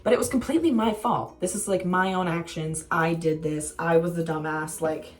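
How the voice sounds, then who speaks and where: A woman's voice: fairly low pitch, moderate pace. A young woman telling a casual storytime vlog, candid and self-mocking, swearing freely. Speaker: vlogger.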